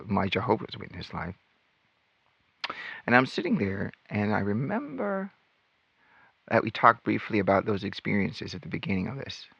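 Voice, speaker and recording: Male host, personal testimony, gravelly lively delivery, dry dull sound. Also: on the low side, dry recording. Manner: animated storytelling, acts out quotes. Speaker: ex-Witness channel host.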